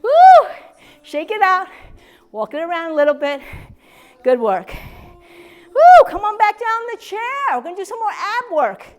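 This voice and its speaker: A woman fitness instructor leading a seated strength class, upbeat and encouraging, with loud whoops and a slightly winded voice. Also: extremely high pitch, very animated, normal speed. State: a little out of breath.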